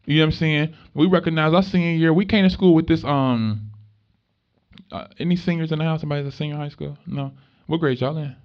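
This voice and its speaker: Animated young man, slangy motivational talk. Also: fairly high pitch, fast talker. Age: young adult. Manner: animated, conversational storytelling with street slang. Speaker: motivational speaker. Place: room with a live student audience. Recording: dull lo-fi recording.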